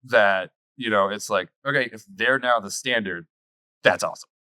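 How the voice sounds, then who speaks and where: Frank, blunt brewer with a bright voice. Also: male voice, fairly low pitch, moderate pace, clear, resonant tone, no echo. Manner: frank, blunt, swears casually. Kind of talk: casual podcast chat.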